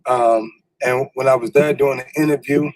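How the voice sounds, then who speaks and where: A man's voice: mid-range voice, steady tone, normal speed, darkish tone, dry recording, poor audio. A middle-aged man, candidly telling a personal story in informal speech, stumbling over repeated words when stirred up.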